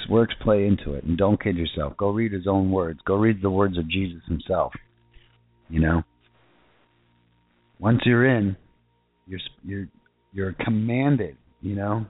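A man preaching an informal sermon in earnest, asking rhetorical questions and repeating himself, and reading scripture slowly. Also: fairly low pitch, no room sound. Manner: slow deliberate scripture reading. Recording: tinny phone-like sound with faint music.

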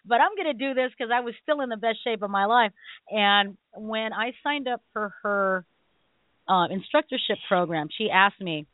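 Animated middle-aged woman on a phone line. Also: medium pitch, moderate pace, no echo. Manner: animated storytelling, laughing often. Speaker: radio show host. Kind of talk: call-in radio chat. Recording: tinny phone-line sound.

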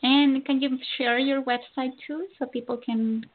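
A woman hosting a call-in show and closing it with brisk, friendly remarks. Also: high voice, fairly even intonation. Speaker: show host. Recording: tinny phone-line sound.

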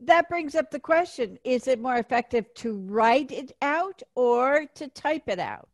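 A woman hosting an interview, asking her questions slowly and in an encouraging way. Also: high-pitched, animated, no echo, clean studio sound. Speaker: interview host. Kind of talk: casual interview.

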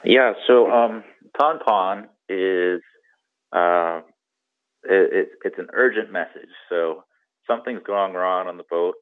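A man's voice: deep voice, slow. A man explaining things step by step as a guest in a podcast interview, with frequent fillers. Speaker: guest expert on marine radio. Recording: tinny phone-like line.

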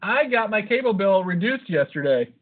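A man's voice: sits high, normal speed. A man hosting a podcast, telling stories in loose, profane casual banter. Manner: profane, animated storyteller. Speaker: podcast host. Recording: tinny phone-like sound.

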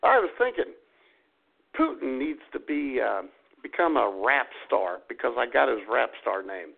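A man co-hosting a podcast, talking in a gravelly, husky voice with a lively, swooping pitch. He is animated and rambling, laughs often, and comes through a narrow, phone-like line. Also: moderate pace. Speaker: podcast co-host. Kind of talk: casual chat.

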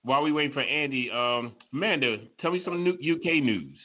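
A man's voice: mid-range voice, lively intonation, a little fast, slight background noise. A man co-hosting a call-in show, giving short wisecracking replies. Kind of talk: casual radio banter. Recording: tinny phone line with chatter behind.

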